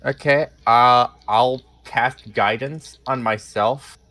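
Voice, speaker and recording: A man's voice: medium pitch, steady tone, slow, sharp tone, dry recording. A man playing a tabletop game, rambling with many fillers. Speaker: player.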